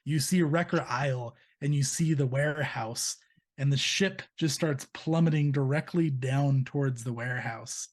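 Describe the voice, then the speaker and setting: A man's voice: medium pitch, normal speed. Man narrating as game master. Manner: vivid, steady scene narration.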